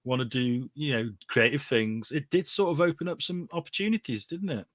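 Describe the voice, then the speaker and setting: A man's voice: medium pitch, brisk, dry recording, clean studio sound. A man co-hosting a podcast in casual chat, thoughtful and hedging as he talks. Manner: thoughtful, hedging with "you know". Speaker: podcast co-host.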